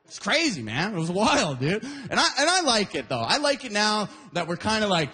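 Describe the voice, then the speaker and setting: A male stand-up comedian from Alberta telling a rambling, animated story to a live audience. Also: high voice, moderate pace. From Alberta, Canada. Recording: echoey hall with audience noise.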